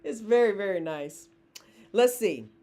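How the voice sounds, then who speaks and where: Middle-aged woman, founder hosting a live sale, very expressive, chatty and laughing. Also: medium pitch, unhurried. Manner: chatty, laughs often, reads viewer comments aloud. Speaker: company founder hosting live shopping stream. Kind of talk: casual live-stream chat.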